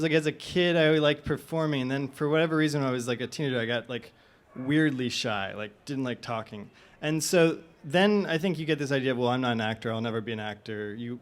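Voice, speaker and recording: A man with a monotonous voice, speaking haltingly with many pauses on a panel. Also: mid-range voice. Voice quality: monotonous, hesitant with many ums. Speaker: actor and filmmaker on a panel.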